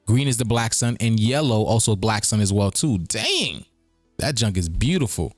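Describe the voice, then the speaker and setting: A man's voice: lowish voice, expressive, moderate pace, dry recording, soft background music. A man hosting a casual livestream, talking in a rambling, repetitive way with chuckling asides. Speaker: streaming show host.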